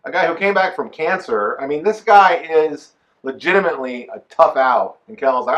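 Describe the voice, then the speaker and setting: A man with a bright, ringing voice co-hosts a casual boxing talk show. He speaks a touch higher than most men and argues his points with animated emphasis. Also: brisk, highs cut off. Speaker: co-host. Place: Texas.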